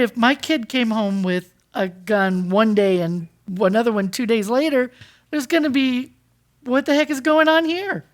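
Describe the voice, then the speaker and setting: Earnest woman at a school board meeting. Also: mid-range voice. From United States. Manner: earnest, impassioned, with frequent restarts and rhetorical questions. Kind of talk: public meeting discussion.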